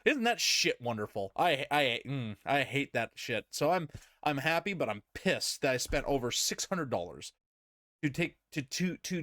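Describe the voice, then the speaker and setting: A young man is venting on a podcast mic, his fairly high voice swinging widely in pitch as he swears and piles on the sarcasm. The sound is dry and close, with no room around it. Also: fairly bright tone, no echo. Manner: ranting, swearing, exasperated, sarcastic. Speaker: podcast co-host. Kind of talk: casual podcast chat. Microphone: desk podcast mic.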